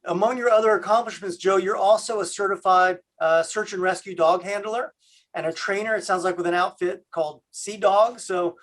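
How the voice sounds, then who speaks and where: A man from Canada hosting a video call, talking in a halting way with many fillers. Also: high-pitched, fairly even intonation, fairly bright tone. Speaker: host.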